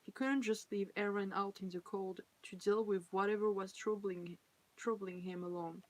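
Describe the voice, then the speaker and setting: A woman with a French accent reads fan fiction aloud on a live stream, at a middle pitch. She breaks off now and then to chat with viewers and laugh at her own slips. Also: fairly even intonation, moderate pace, rough recording.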